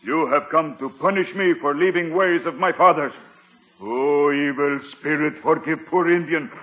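A slow, solemn old tribal chief, speaking in clipped broken phrases and chanting now and then. The voice sits a bit high and the sound is dull and lo-fi, like an old TV soundtrack. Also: male voice, a bit bright. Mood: theatrical. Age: older.

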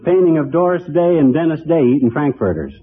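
A blustering braggart husband. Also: male voice, on the high side, big pitch swings, fairly quick, breathy edge. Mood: boastful. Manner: brash, bragging, mangles words. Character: boastful blustering small-town husband, middle-aged. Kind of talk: 1940s radio comedy acting. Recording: tinny old radio broadcast, studio audience laughter.

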